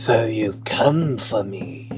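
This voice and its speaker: A man voicing a sullen dark inner being in a game, asking low, probing questions. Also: animated, slow, music in the background.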